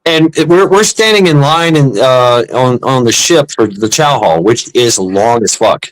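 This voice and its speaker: A former Marine chatting casually, telling a story with lots of fillers and restarts. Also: male voice, mid-range voice, animated, no room sound, poor audio. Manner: halting, many restarts and "uh" fillers. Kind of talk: casual chat, telling war stories.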